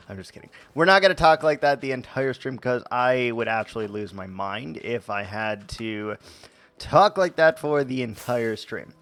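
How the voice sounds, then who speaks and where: A man's voice: mid-range voice, animated, normal speed, a bit bright, no room sound. A man streaming a game live, talking in a playful, rambling, jokey way.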